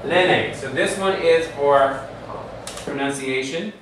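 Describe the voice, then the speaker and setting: A man's voice: on the high side, takes it slowly. A man teaching a Hebrew lesson patiently, drilling the class and checking in with frequent questions. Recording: echoey room from far off, faint hum.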